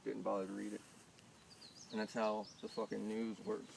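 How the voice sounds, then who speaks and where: A man's voice: lowish voice, monotone, fairly quick, vocal fry, noisy background. Profane, intense young man telling a story. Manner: profane, intense, builds to heated outbursts. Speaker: spoken word performer. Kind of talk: confessional storytelling and spoken word poetry. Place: live show.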